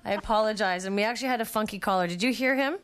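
A woman hosting a late-night radio talk show, chatty, candid and quick to laugh. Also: medium pitch, fairly bright tone.

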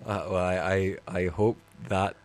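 A male radio host with a lowish voice who stumbles and restarts as he talks. He keeps it light, in the tone of talk radio banter. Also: fairly even intonation, dry recording, soft background music. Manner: halting, stammering delivery.

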